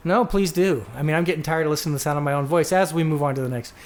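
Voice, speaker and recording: Racing along in a fairly high-pitched voice, this man co-hosts a podcast. He chats casually, rambles, keeps revising what he just said, and reads out quotes from listener answers.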